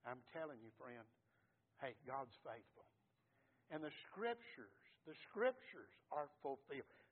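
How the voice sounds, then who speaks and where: A man preaching a sermon with emphasis, swinging between loud cries and hushed words. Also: mid-range voice, very animated, a little slow. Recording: tinny phone-like sound.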